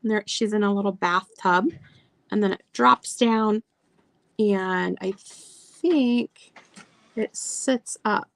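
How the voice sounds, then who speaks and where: Speaking slowly in a medium-pitched, creaky, slightly bright voice with no echo, a woman hosts a live sale of vintage items. She's a chatty online seller who lingers on details and reads aloud from old cards' verses.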